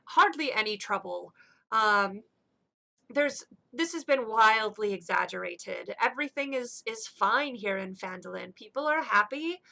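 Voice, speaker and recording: A woman voices a pompous male town master, smug and dismissive of any trouble. The voice is bright and fairly high, near her everyday tone. It is a tabletop game scene. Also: animated, a little slow, gravelly, exaggerated voice.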